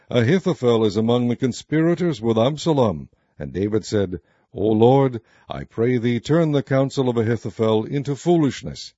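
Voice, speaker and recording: A man reads old scripture aloud in a steady, measured way. His voice is mellow and dark, recorded close and dry with a slightly dull, lo-fi sound. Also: mid-range voice, no echo. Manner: steady measured reading of archaic text. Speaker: narrator.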